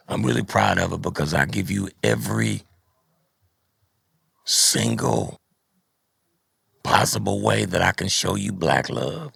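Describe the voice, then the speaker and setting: A middle-aged man with a very deep, gravelly, husky voice. His pitch rises and falls widely as he tells reflective stories. The sound is dry and close to the mic. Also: sing-song, a little slow, pauses often, a bit bright, no room sound. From Dallas, Texas. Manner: reflective, storytelling, repeats words. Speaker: rapper guest. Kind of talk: casual interview conversation.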